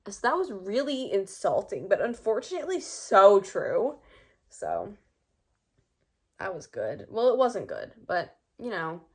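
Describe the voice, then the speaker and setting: A woman's voice: mid-range voice, very animated, a little slow, breathy edge. A teenage girl vlogging in a casual, rambling, self-mocking monologue full of filler words. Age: teens.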